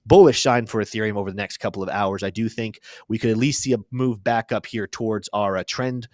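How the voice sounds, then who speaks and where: A man's voice: lowish voice, fairly even intonation, fairly quick, dry recording, clean studio sound. A young man hosting a live crypto show, chatting casually through chart commentary with joking, self-deprecating asides.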